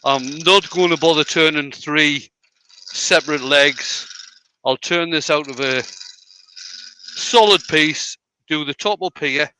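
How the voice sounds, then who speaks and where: Bright-voiced easygoing stream host. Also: male voice, a little high, takes it slowly, a little hiss or hum, poor audio. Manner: easygoing, explains steps as he works. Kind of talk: live stream chat while woodturning.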